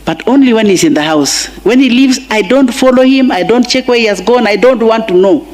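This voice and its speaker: Speaking fairly fast with a fairly high, lively, slightly mellow voice, a middle-aged Kenyan woman eulogizes her husband with emotion. Her Kenyan accent comes through as she weaves Swahili phrases into the speech before a large funeral gathering.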